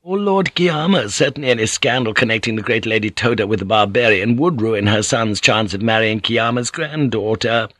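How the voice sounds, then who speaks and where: A man reading an audiobook novel aloud in a measured, expressive narration. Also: fairly low pitch, no echo.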